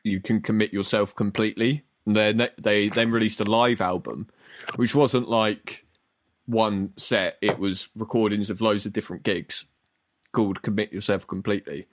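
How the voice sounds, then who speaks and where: A man hosting a casual podcast, animated and sweary as he tells stories. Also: lowish voice, normal speed, no room sound, studio quality. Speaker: podcast host. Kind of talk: casual chat.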